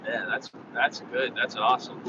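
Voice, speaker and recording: A man talks on and on in a flat, level tone, full of fillers, as he drives. He sounds distant and muffled. Loud road noise runs underneath. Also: medium pitch, moderate pace. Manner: rambling, filler-heavy, flat tone. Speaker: vlogger driving a van. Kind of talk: casual chat while driving. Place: inside a moving vehicle on a highway.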